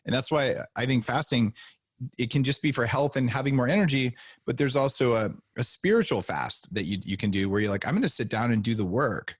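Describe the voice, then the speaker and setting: A man speaks as a podcast guest, telling lively stories and slipping into the voices of the people in them. His voice sits at a middling pitch. The sound is dry and close, with no room echo. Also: a little fast, slightly rough. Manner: animated, acts out dialogue in stories. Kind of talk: casual interview storytelling.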